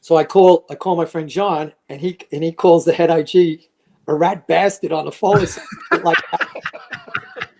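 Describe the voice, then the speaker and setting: A man's voice: fairly high pitch, steady tone, normal speed, creaky, dark tone. A man in his sixties, a retired fire lieutenant, telling casual stories as a podcast guest and acting out the voices of people he quotes. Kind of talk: casual storytelling.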